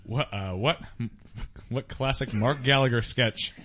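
A man in casual chat, soft-spoken and trailing off into fillers. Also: mid-range voice, a little slow, husky.

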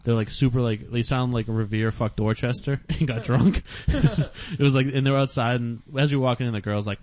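A man's voice: medium pitch, brisk, darkish tone. A man telling a funny story in a casual chat, swearing and laughing often.

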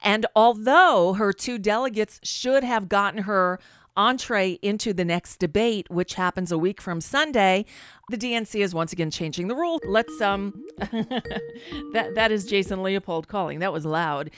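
A woman's voice: medium pitch, a little slow, a bit bright, clear, resonant tone. A woman hosting a live political talk show, chatty and informal, with offhand asides.

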